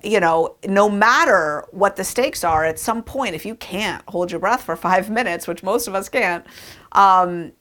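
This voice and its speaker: A woman's voice: mid-range voice, measured pace, fairly bright tone. A woman telling a science story in a conversational, emphatic way, with fillers along the way. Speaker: speaker. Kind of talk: storytelling talk.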